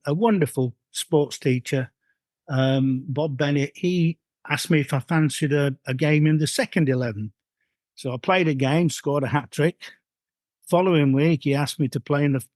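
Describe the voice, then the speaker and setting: An older man from Yorkshire recalling his football youth in an interview, talking in rambling, halting sentences with many restarts. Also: a little high, darkish tone, no room sound. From Yorkshire, England. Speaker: former footballer, guest. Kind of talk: interview storytelling.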